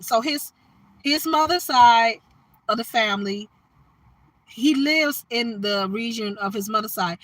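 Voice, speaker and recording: Chatty woman with a bright, dry voice. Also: a little high, dry recording, poor audio. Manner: animated, chatty, shouts and laughs with viewers. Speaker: livestream host. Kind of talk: casual livestream chat.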